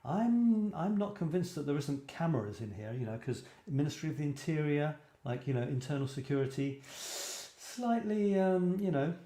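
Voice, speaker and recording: This British man hosts a laid-back photography show, rambling along and poking fun at himself as he chats on a casual livestream. His voice sits on the high side and sounds animated and mellow, moving at a moderate pace with few pauses. The room he's in is echoey.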